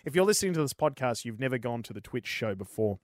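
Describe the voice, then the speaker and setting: A man's voice: medium pitch, animated, fast talker, dry recording, studio quality. An Australian man hosting a casual gaming podcast, rambling and swearing freely. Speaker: podcast host.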